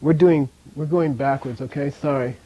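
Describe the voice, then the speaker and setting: Dull audio captures a man with a mid-range voice at a moderate pace teaching a language class. He repeats sounds to drill pronunciation, checks in with the students, and often lets his voice fall quiet at the ends of phrases.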